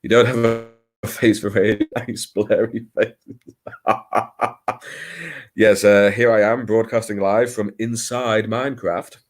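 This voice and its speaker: A man's voice: on the low side, little pitch movement, a little slow. A man hosting a late-night livestream, chatting casually in a rambling, self-deprecating way with many hesitations, talking into his computer mic at home. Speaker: livestream host.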